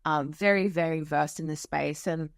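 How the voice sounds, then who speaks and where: A woman with a somewhat low voice hosts her own podcast, speaking as a spiritual coach in a loose, unscripted monologue. She talks frankly, swears freely and leans on filler words. The sound is dry and close, from a home office. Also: fairly even intonation, normal speed, creaky, dry recording. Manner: frank and profane, lots of "like" fillers.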